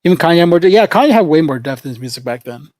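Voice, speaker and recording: A woman's voice: deep voice, lively intonation, very fast, darkish tone, no echo, studio quality. A woman livestreaming in casual chat, rambling and opinionated, with lots of fillers.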